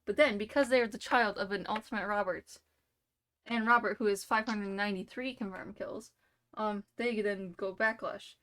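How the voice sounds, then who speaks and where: A woman's voice: medium pitch, steady tone, moderate pace, fairly bright tone. A woman streamer telling a silly made-up story during a live game, rambling and playful, full of "like" and "you know".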